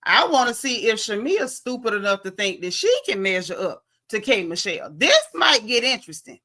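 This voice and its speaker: A woman's voice: mid-range voice, sing-song, fairly quick, sharp tone. Sassy Southern woman dishing gossip. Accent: Southern American. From American South. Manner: sassy, blunt, talks straight to viewers. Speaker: host. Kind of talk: casual gossip commentary.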